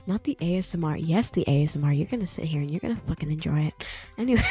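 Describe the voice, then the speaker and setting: A woman's voice: low-pitched, warm tone. A young woman streamer doing a playful, teasing whispered role-play as mock ASMR into her streaming mic, giggling constantly. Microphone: streaming microphone.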